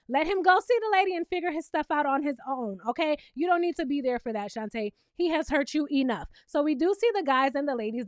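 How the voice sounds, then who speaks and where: A woman's voice: sits high, no echo. A woman recapping a reality show in casual, sassy commentary, talking straight to her viewers.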